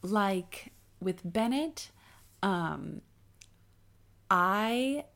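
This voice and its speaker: A young woman co-hosting a casual chat podcast, reacting quickly and sharing her own parenting story. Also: medium pitch, expressive, a bit bright. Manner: chatty, quick reactions and short interjections. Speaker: podcast co-host.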